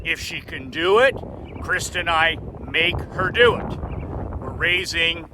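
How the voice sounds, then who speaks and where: A man's voice: a little high, slow pace, noisy background. A middle-aged man from Canada, telling a family story in a casual vlog. He is emphatic and repeats phrases for effect. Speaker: business coach.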